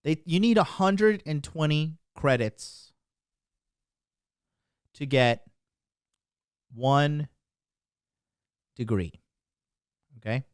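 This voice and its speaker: A man's voice: a little high, drawn-out words, long pauses, smooth, no room sound, studio quality. A man coaching on dating, ranting on a livestream to his chat in a brash, boastful and mocking way, punctuating points with "okay?". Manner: emphatic, keeps asking "okay?".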